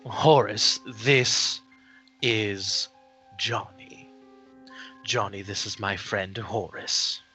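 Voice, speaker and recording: A man voicing a courteous, mysterious stranger from the woods in a tabletop game, speaking formally and slowly. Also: fairly low pitch, sharp tone, faint music behind, full character voice.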